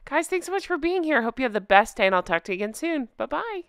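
A woman vlogger giving snarky, deadpan commentary. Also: high voice, fast talker. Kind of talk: sarcastic commentary.

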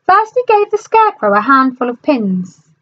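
A woman teacher reads a storybook aloud to her class at normal speed, using an animated storyteller's delivery. Her fairly high voice ranges widely and lively. The recording sounds dull and lo-fi, like something made at home.

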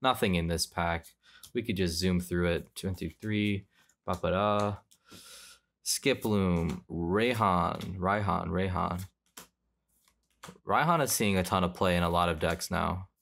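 Young man, deep low voice, offhand rambling, card-opening commentary. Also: unhurried, gravelly, a bit bright. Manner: rambling, offhand, self-correcting. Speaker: card collector opening packs. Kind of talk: casual pack-opening commentary.

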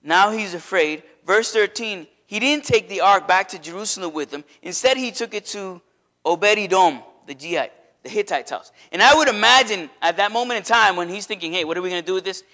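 Bright-voiced man preaching a sermon. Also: high-pitched, moderate pace. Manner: conversational, animated retelling with acted quotes. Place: church sanctuary.

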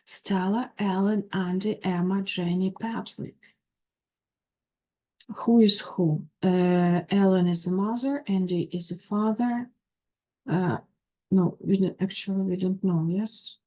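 Woman tutor, mellow, reads English then translates. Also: medium pitch, slow. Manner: reads English phrases then translates them, with small slips. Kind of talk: textbook walkthrough, reading and translating.

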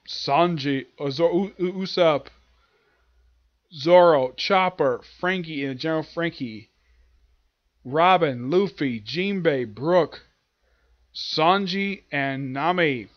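A young man casually recapping a comic chapter, excited and slipping into quick voices for the characters. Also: a little high, dry recording, dull audio. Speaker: anime and manga reviewer.

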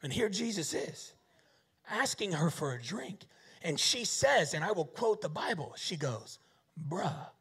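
A man preaching a lively sermon, joking and firing rhetorical questions at the audience. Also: high-pitched, unhurried, vocal fry, slightly rough.

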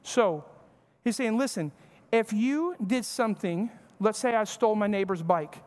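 A man with a high voice preaches at a moderate pace, barely pausing, in a church sanctuary. His sermon is conversational and includes short acted-out family dialogue, and the recording has church hall reverb.

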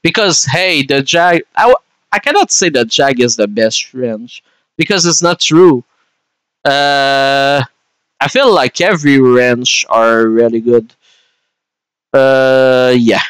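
A man with a French Canadian accent chats his way through a gaming session in an unhurried, drawn-out delivery. His voice is smooth and clean, and it sits close and dry against the mic. He rambles to his viewers between moves. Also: mid-range voice, fairly bright tone, dry recording. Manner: rambling and chatty, talks to viewers while playing. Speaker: gaming streamer. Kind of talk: casual gameplay commentary.

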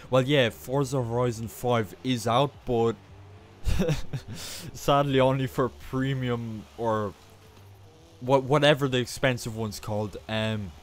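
A young man, a gaming channel host, giving casual gameplay commentary, excitable and self-mocking, often breaking into exclamations. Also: mid-range voice, takes it slowly, slight background noise. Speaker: gaming YouTuber.

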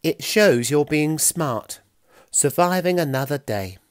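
Man doing a gentle Stone Age girl, soft, friendly, a bit higher, dry close sound. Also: expressive, slow pace, no echo. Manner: gentle, amused.

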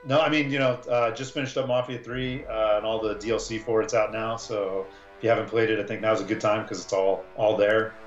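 Male remote guest, lowish calm voice, echoey lo-fi call line. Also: fairly quick, faint music behind. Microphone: video call. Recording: dull echoey call audio.

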